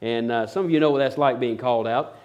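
A man's voice: medium pitch, quick pace, a little mellow, lo-fi sound. A man preaching a sermon, telling stories in a folksy, rambling way with fillers and restarts. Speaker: pastor.

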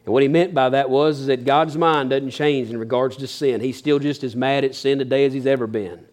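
Man, pastor, folksy sermon, earnest, mid-pitched voice. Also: steady tone, a little fast, darkish tone. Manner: folksy, earnest preaching with rising emphasis.

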